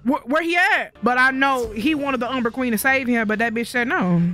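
A gaming streamer with a fairly high, pushed, bright voice talks fairly quickly over faint background music. She gives casual, sassy, profane let's-play commentary, talking back to the characters on screen.

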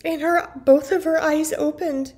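A woman's voice: sits high, fairly even intonation, unhurried, darkish tone. A woman vlogger earnestly telling a personal story to her viewers, emotional and full of "like" and "you know". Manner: earnest, emotional, heavy use of "like". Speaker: vlogger and family caregiver.

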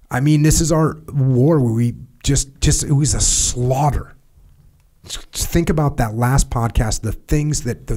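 A middle-aged man hosting a podcast, reading a passage aloud in a measured, emphatic way and then reflecting in low-key, rambling talk. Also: mellow, breathy edge. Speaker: podcast host.

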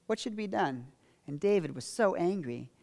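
A man preaching a sermon as pastor, telling a Bible story and moving between emphatic quotes and quiet confession. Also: high voice, animated, normal speed, creaky. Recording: long reverb of a large hall.

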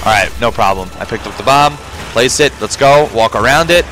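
A man commentating a video game playthrough, swearing constantly and shouting when panicked. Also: medium pitch, brisk, a little hiss or hum. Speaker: gamer. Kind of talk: profane let's-play commentary. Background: game music and sound effects.

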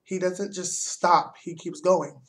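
A young man vlogging, telling a story in a heavily profane, animated rant. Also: sits high, takes it slowly.

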